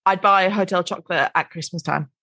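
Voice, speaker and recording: A woman co-hosting a podcast, talking in a relaxed, conversational way. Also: on the low side, fast, no room sound. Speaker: podcast co-host. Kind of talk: casual chat.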